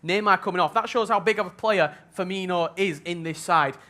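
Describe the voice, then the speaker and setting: Steady male esports commentator. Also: high-pitched. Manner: measured, level-headed analysis. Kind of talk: play-by-play game commentary.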